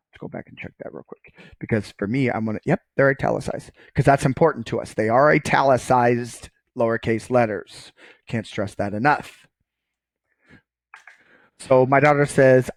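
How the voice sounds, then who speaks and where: A man's voice: medium pitch, no room sound. A man giving a recorded math lecture, casual and joking, often checking in with "okay" while writing on screen. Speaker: college math professor.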